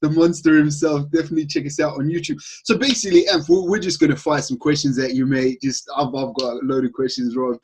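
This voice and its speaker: A man's voice: a little high, steady tone, fast talker, hardly any pauses, a little hiss or hum. A man hosting a podcast, chatty and upbeat as he welcomes guests and asks questions. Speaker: podcast host.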